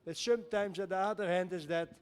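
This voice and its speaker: A man co-presenting at a seminar, explaining points in a measured way with non-native phrasing. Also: high-pitched, steady tone, clear, resonant tone. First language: not English. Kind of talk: explaining to an audience. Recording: echoey hall with faint noise.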